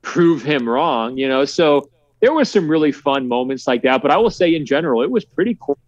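Man, sportswriter guest, relaxed storytelling, many fillers, dry muffled recording. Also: a little high, brisk, no echo. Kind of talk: conversational podcast interview.

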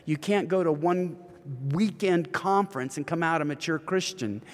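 A man in his fifties tells stories in an earnest, easygoing way, chuckling now and then. His voice sits a touch higher than most men's. A long hall reverb trails behind his words. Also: normal speed. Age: 50s. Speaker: guest speaker on marriage. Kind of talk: conversational storytelling.

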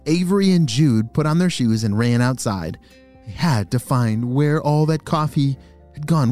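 Animated man telling kids' stories. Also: mid-range voice, measured pace, soft background music. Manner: enthusiastic, playful. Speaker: children's storyteller and host. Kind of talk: animated story narration for kids.

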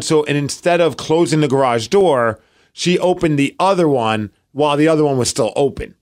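A man in his thirties co-hosting a podcast, telling a story in lively casual chat and acting out quotes. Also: on the high side, normal speed. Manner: animated storytelling, acts out quotes. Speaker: podcast co-host.

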